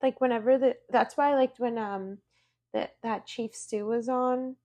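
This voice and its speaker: A woman co-hosting a casual podcast, playful and quick to laugh and chime in. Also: a little high, steady tone, darkish tone. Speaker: podcast co-host. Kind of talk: casual chat.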